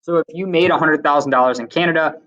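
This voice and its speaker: Quick-paced and fairly bright, this male teacher's high voice carries a chatty, filler-heavy lecture peppered with side stories. It comes through a distant, dull lo-fi recording.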